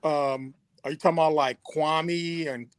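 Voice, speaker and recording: A man's voice: a little high, fairly even intonation, unhurried, smooth, dry recording. A man in a language class, answering hesitantly with many fillers. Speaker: student.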